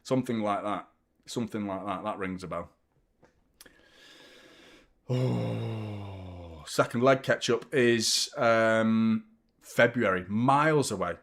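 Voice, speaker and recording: A man's voice: fairly low pitch, slow pace, pauses often. A young adult man, hosting a live football watchalong, chatting casually, reacting to play and thanking viewers by name. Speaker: fan channel host.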